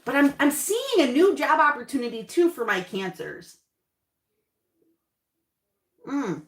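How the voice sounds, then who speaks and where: Female tarot reader, higher voice, loose reassuring chat, repeats lines, echoey room. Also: sing-song, normal speed. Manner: chatty, reassuring, repeats phrases. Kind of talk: casual tarot reading to camera.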